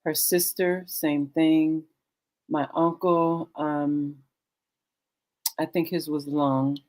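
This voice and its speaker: A middle-aged woman on a video call telling her story with many pauses and fillers, acting out the dialogue she recalls. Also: deep voice, little pitch movement, darkish tone. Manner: halting, many fillers, acts out quoted dialogue. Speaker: guest sharing her story. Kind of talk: candid conversational storytelling.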